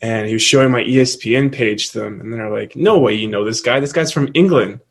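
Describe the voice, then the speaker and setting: A young man from Canada, a college basketball player, chatting casually as a guest in an interview, relaxed and quick to laugh. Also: medium pitch, creaky. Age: young adult. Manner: laid-back, laughs often, lots of "like".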